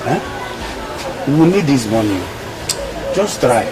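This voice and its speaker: A man's voice: medium pitch, sing-song, a little slow, low-quality recording. An actor with a Nigerian accent playing a man coaxing a friend, with a stammering manner. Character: scheming man urging a friend on. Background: loud music.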